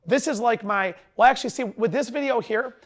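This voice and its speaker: A middle-aged man giving an energetic sales lesson to camera, talking fast and emphatically and sometimes running his words together, tired after a long lecture. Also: very high-pitched. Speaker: sales trainer.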